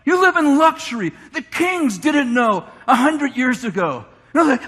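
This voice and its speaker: A man preaching a lively sermon, shouting his points and mimicking complainers in mock voices. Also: very high voice, unhurried, few pauses. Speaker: pastor. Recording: long hall reverb from a church.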